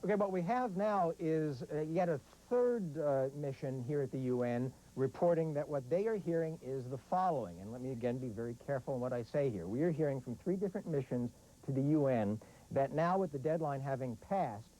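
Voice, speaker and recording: A man's voice: on the high side, animated, a little fast, warm tone, low-quality recording. A man reporting live as a news correspondent, careful and repeating key points.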